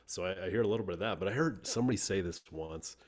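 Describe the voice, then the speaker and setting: A man's voice: low-pitched, very fast. A man hosting a podcast interview, reflecting aloud and asking follow-up questions. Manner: reflective, thinks aloud with fillers. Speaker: podcast host. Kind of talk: conversational interview.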